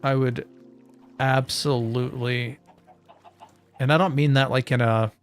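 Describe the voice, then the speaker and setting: A man's voice: mid-range voice, fairly even intonation, unhurried, a little hiss or hum. A man streaming a game, chatting casually and joking with his viewers in a rambling way. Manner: rambling and joking, talking to chat.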